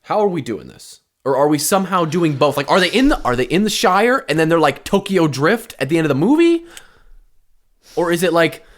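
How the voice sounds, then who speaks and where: A man's voice: fairly high pitch, fairly quick. A man co-hosting a casual podcast chat, joking and swearing freely. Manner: joking, animated, swears a lot. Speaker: podcast co-host.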